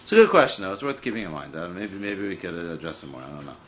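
A man leads a Talmud study group at a brisk clip, working through the text aloud with frequent "I mean" asides. The recording is dull and lo-fi, with a muffled top end. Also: sits low, sing-song. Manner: fast, thinking aloud with many "I mean" asides. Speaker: Talmud teacher. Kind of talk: casual study-group teaching.

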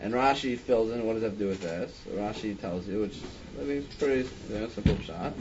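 A man's voice: on the low side, fast, lo-fi sound, heavy background noise. Man teaching Talmud, thinking aloud. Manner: thinks aloud, frequent "I mean" restarts. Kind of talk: Talmud study class.

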